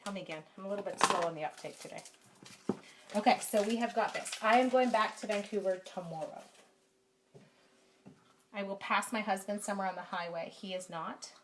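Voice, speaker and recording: A woman's voice: medium pitch, fairly quick, pauses often, background noise. Chatty woman teaching stamping live. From Canada. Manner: chatty, self-deprecating, talks to viewers by name. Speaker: stamping craft demonstrator. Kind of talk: live-stream craft tutorial with chat. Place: home craft room. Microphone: camera mic.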